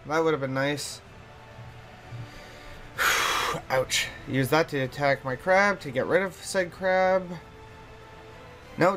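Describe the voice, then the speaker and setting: A man's voice: on the high side, fairly bright tone. A man casually commenting on his own card game play in a bedroom, thinking aloud, laughing often, his voice and accent shifting. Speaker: streamer. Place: hot bedroom.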